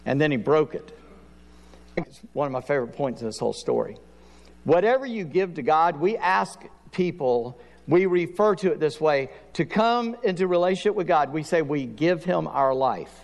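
A middle-aged man preaches in a folksy, storytelling way, acting out bits of dialogue. His voice sits a little high and has a gravelly edge. It rings with the long reverb of a church hall. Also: lively intonation, moderate pace. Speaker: pastor. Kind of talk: sermon.

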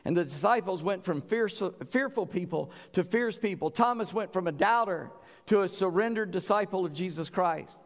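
Animated preacher in a hall. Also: male voice, sits high, moderate pace. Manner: animated storytelling, acting out voices. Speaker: pastor. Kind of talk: sermon.

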